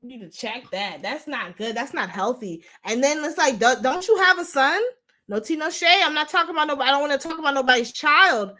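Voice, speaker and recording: A woman's voice: high voice, expressive, quick pace, hardly any pauses, bright, forceful tone. A young adult woman hosting a casual commentary show, talking blunt and sassy straight to her viewers. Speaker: show host.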